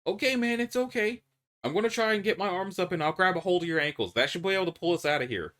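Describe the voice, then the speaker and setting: A man's voice: high voice, quick pace, fairly bright tone, pitched above the performer's own voice. A man voicing a friendly young male prisoner, casual and encouraging as he talks a trapped man through it. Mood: reassuring.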